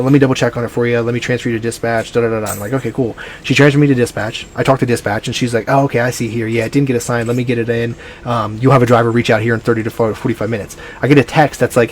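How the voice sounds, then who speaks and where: A man's voice: medium pitch, slight background noise. A man, rambling through a story in a casual vlog and acting out the people in it. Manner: rambling, animated retelling with quoted dialogue. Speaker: vlogger.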